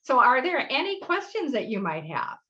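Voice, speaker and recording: A woman's voice: high voice, big pitch swings, normal speed, bright, forceful tone, highs cut off. A middle-aged woman hosting a live webinar workshop, explaining practices in a friendly, rambling way with fillers. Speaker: workshop host.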